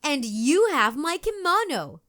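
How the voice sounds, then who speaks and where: A woman reading aloud, voicing a spunky, sassy little schoolgirl who talks brightly and emphatically. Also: sits high, sing-song, a little slow, voice pushed up, heavily acted. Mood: eager.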